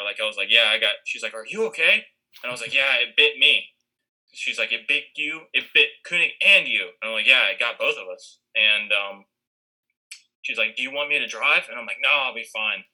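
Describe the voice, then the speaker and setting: A man's voice: medium pitch, sharp tone, rough recording. A young man casually telling a rambling story, full of fillers and restarts, acting out what others said. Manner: rambling, many fillers and restarts, acts out quoted lines.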